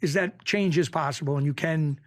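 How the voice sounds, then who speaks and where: A man's voice: on the high side, fairly quick. A man spins casual anecdotes, jumping into the voices of the people he quotes. His voice sits a bit above the usual male range. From Springfield, Massachusetts. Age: 50s. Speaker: guest. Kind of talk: casual storytelling.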